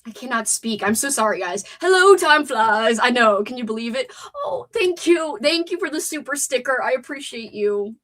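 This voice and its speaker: A woman's voice: on the high side, animated, moderate pace, hardly any pauses, fairly bright tone. A young adult woman with a stuffed-up nose, hosting a chatty, wordy livestream and reading out chat comments. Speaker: livestream host.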